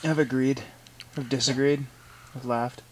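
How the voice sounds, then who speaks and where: Laid-back man, quietly teasing. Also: mid-range voice, fairly even intonation, measured pace. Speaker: friend in the conversation. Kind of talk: casual chat.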